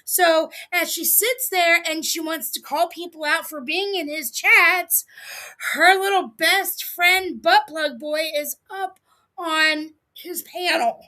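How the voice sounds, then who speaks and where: A woman's voice: very high-pitched, takes it slowly, pushed and bright. A woman casually gossiping about online stream drama, with laughing asides.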